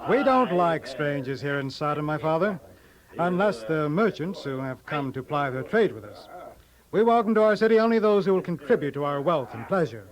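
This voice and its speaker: A smug callous Sodomite. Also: male voice, a little high, big pitch swings, normal speed, crowd noise, low-quality recording. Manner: mocking, laughing. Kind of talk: dramatized audio Bible story.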